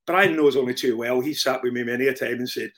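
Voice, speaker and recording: A man's voice: medium pitch, quick pace, a bit bright. A man with a Glaswegian Scottish accent tinged with English, a podcast guest talking in a hesitant, self-deprecating way, full of ums and restarts. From Glasgow, Scotland. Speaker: supporters club member, podcast guest. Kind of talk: casual podcast chat.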